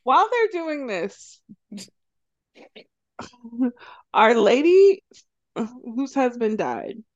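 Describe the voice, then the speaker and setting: A woman co-hosting a podcast, casually recapping a TV show and acting out the characters' lines in quick, animated storytelling. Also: fairly high pitch, muffled recording. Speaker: podcast co-host.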